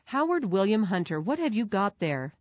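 A woman's voice: medium pitch, very animated, normal speed, no room sound. Mock-stern little girl, read by a woman, bossy younger sister, dull, dry recording.

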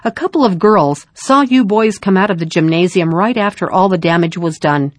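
A woman's voice: fairly low pitch, moderate pace, no echo, lightly acted. A woman voicing a serious middle-aged male band teacher who speaks firmly. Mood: stern. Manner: firm, serious questioning.

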